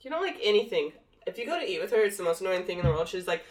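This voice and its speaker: A woman's voice: mid-range voice, big pitch swings, rapid-fire. A woman co-hosting a podcast in casual chat, teasing her friends and telling stories animatedly. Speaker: podcast co-host.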